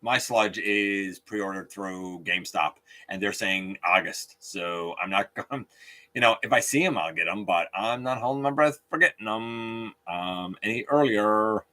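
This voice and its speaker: A man's voice: on the low side, a little slow, bright, forceful tone. A man hosting a casual live stream, chatting openly and outspokenly while reading out viewer comments.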